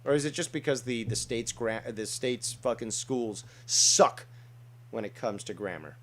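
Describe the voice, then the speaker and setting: Male reaction host, mid-pitched, blunt and mocking with casual swearing. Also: a little slow, a bit bright. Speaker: commentary host. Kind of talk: reaction commentary.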